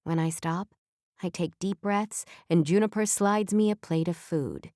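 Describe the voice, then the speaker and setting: Female audiobook narrator; even, clear first-person read, lowish pitch, dry studio sound. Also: a little slow, no room sound.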